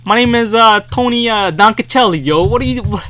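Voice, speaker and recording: A brash, loud middle-aged city cop , as a man puts him on, heckling passersby in a thick, exaggerated Brooklyn accent. The voice is pushed far above a normal speaking register and delivered at a near shout. It sounds like a jokey podcast impression. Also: high-pitched, fairly quick, slight background noise, pitched above the performer's own voice. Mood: brash, barking. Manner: barking, confrontational, heckling.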